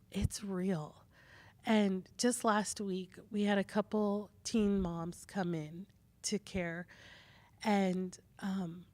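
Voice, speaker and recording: Animated woman midwife telling stories. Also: mid-range voice, no room sound. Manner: animated storyteller who acts out quoted dialogue. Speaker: midwife at a community clinic. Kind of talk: community panel discussion. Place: small studio theatre, live forum.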